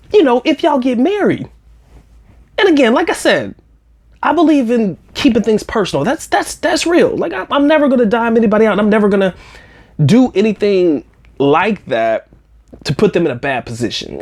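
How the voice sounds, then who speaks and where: A man hosting a storytime vlog, telling a personal story in a slangy, profane, animated way. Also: high voice. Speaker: vlog host.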